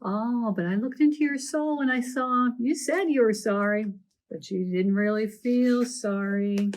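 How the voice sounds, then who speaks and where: Lady putting on a stuck-up snail lady, super formal and offended, talks slow. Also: fairly high pitch, a little mellow, close to an everyday voice, rough recording. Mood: haughty. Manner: formal and haughty. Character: prim, pompous female snail, easily offended.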